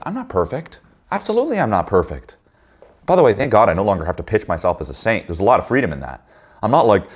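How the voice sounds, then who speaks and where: Deep-voiced guy venting about a betrayal, swears a lot, voice jumps up and down. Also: wildly swooping pitch, fast talker. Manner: blunt, profane, heated. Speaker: men's group leader. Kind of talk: emotional personal storytelling.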